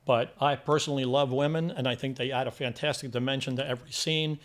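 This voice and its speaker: A man's voice: medium pitch, fast. An older man co-hosting a casual movie review chat, telling stories and acting out quotes with energy. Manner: animated storyteller, acts out quotes.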